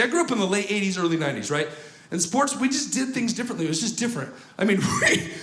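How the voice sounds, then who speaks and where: A man's voice: high voice, heavy background noise. A man in his thirties doing a stand-up comedy routine, acting out voices and checking in with the crowd. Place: comedy club stage. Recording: roomy stage with loud audience laughter.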